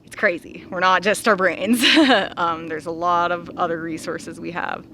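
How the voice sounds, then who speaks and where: A woman hosting a vlog, giving a casual, chatty self-help talk, often saying "like" and laughing softly. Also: on the low side, steady tone, normal speed, slight background noise. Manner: chatty, heavy use of "like", soft laughs. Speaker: vlog host.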